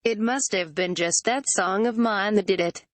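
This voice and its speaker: A text-to-speech female voice reading the lines of an uneasy, superstitious male backwoods guide in rural dialect, with a flat synthetic delivery. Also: mid-range voice, normal speed, dry recording, close to an everyday voice.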